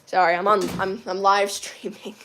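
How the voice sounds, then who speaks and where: A woman's voice: medium pitch, little pitch movement, normal speed, noisy background. A woman livestreaming from home on her phone, chatting casually with viewers, reading their comments aloud and laughing often. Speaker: livestream host.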